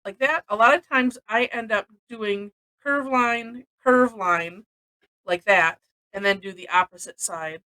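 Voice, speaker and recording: A woman's voice: mid-range voice, unhurried, bright, forceful tone, rough recording. A woman from Missouri teaching a live-streamed drawing lesson, chatty and rambling, often laughing between steps.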